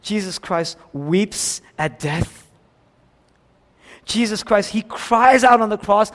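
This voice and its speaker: A man preaching a sermon, swinging from loud cries down to hushed, near-whispered lines. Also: high voice, expressive, slow. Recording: long hall reverb.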